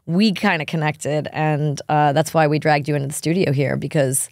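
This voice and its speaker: A woman's voice: low-pitched, fairly even intonation, normal speed, a little mellow, dry recording, studio quality. A woman hosting a podcast in casual, bubbly chat, often breaking into laughter. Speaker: podcast host.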